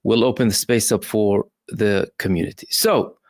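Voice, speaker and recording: A man hosting live news commentary, pausing on many fillers and asking emphatic rhetorical questions. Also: fairly low pitch, no room sound, clean studio sound. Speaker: host.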